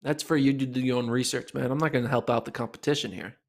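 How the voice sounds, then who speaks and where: A man's voice: medium pitch, steady tone, fast, vocal fry. A man on a casual sports chat panel, coy and teasing about his plans.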